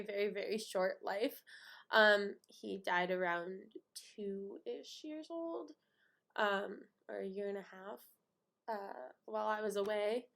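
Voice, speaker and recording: A young woman telling a holiday story to the camera in a casual, chatty way. Her voice sits a little high and sounds bright and clear, and she acts out each person's lines with lively energy. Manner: animated, acts out both sides of the story. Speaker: vlogger.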